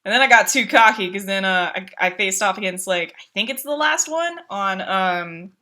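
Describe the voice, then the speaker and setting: A woman streamer in casual chat, telling game stories with frequent laughs and swearing, acting out her own outbursts. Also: normal speed. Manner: animated storytelling, laughs often, swears, acts out her own outbursts in a high voice.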